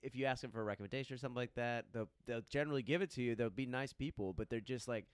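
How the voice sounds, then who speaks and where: A young man from the American Midwest telling animated stories in a casual studio chat, often acting out the voices of the people he quotes. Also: medium pitch, rapid-fire, smooth, dry recording. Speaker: guest. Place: small studio.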